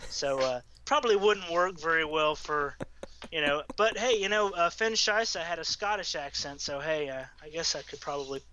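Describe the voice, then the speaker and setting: Southern man for a casual panel chat, hesitant and full of restarts, bright and forward tone, slightly high for a man, faint hiss in the background. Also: lively intonation, normal speed.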